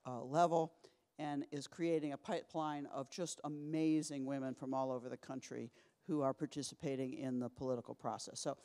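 A man's voice: medium pitch, level tone, moderate pace, smooth. A man hosting a live event, opening with a rambling introduction full of uhs and restarts. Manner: warm, rambling, hesitant with uhs. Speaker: event host. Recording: echoey hall with long reverb.

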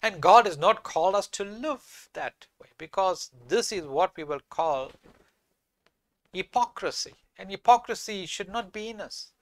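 A man delivers a sermon in a high voice, hammering home his points by saying them twice. He reads scripture aloud between his comments. The sound is dry, with no room echo. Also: lively intonation, measured pace. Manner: emphatic, repeats key phrases, reads scripture aloud. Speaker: preacher.

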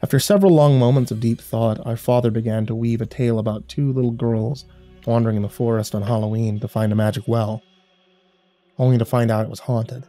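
A man reads a horror story at an unhurried, somber pace, his voice dark and mellow. Faint music plays under the narration. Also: medium pitch, fairly even intonation. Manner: measured, somber storytelling with quiet dialogue reads.

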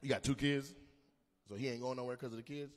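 A man doing live stand-up crowd work, teasing audience members in an animated way with loud bursts. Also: medium pitch, quick pace. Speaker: stand-up comedian.

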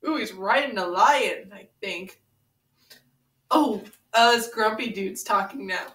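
In a comedic fan parody, a woman plays a brash, pun-loving young brawler, teasing and impatient, reading a picture book aloud in a sing-song voice with a playful mood. Her mid-range voice has a sharp tone and takes it slowly. A camera mic set far away captures her in a roomy room.

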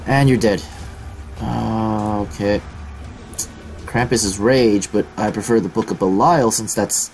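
A man's voice: on the low side, measured pace, long pauses, soft background music. A young man commentating his own gameplay, swearing often, mocking his own skill and yelping when hit. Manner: profane, self-deprecating, excitable yelps. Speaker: gaming video host. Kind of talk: let's play commentary.

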